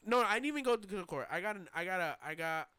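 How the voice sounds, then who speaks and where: Young new guy, bright crisp voice, dry room, storytelling host. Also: high-pitched, animated, fast, no room sound. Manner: rambling, filler-heavy storytelling with quoted voices. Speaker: podcast host. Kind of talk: casual chat storytelling.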